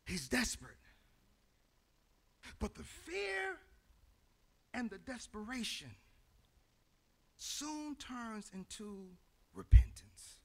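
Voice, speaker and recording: A male pastor delivers a sermon in a very high, gravelly voice with a bright, piercing edge. He shifts between shouted, sung phrases and low murmurs, carried along by a preaching cadence. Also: sing-song, slow, pauses often.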